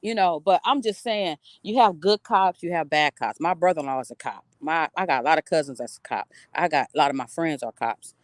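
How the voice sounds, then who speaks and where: A woman's voice: low voice, a little fast, few pauses, no room sound. A middle-aged woman telling stories on a phone livestream outdoors, emphatic, blunt and profane. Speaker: livestream host. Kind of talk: casual livestream storytelling. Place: outdoors near trees.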